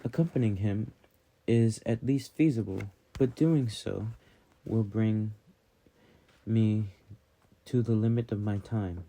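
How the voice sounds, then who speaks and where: A man's voice: on the low side, takes it slowly, long pauses, mellow. A man voicing a sly, proud wolf goddess. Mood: measured. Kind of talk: audiobook character reading.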